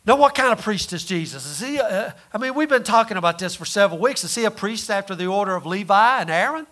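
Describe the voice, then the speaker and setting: A male preacher with a very high, bright voice delivers a sermon in a folksy manner. He stumbles over repeated words and fires off rhetorical questions. His volume swings from loud declarations down to near-murmurs. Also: lively intonation, quick pace.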